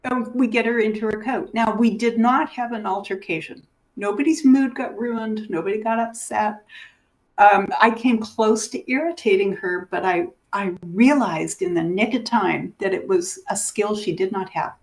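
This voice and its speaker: Woman explaining dementia care with stories, acts out everyone, mid pitch. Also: normal speed. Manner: animated, acts out the people in her stories. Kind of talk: teaching through stories.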